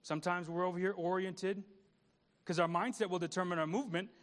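High-voiced man preaching a sermon. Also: steady tone, fairly quick, fairly bright tone. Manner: conversational, repeats words, asks the congregation questions. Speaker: pastor.

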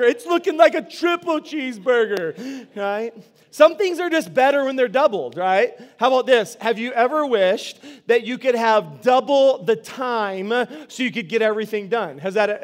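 A man's voice: very high voice, a bit bright. A man, a pastor giving playful, joking announcements to his church. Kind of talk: sermon announcements. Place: church sanctuary.

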